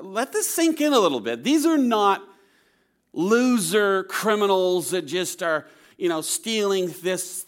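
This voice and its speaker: Man preaching with a higher-pitched voice. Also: fairly bright tone. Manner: conversational, with asides and checks of "okay?"; playful humor. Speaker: pastor. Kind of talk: sermon to a congregation.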